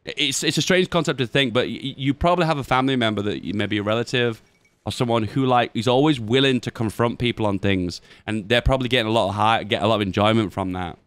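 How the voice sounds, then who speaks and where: Smooth-voiced man musing over gameplay. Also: medium pitch, fast, fairly bright tone, no echo. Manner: rambling, musing aloud. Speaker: gameplay commentator. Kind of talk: casual chat over gameplay.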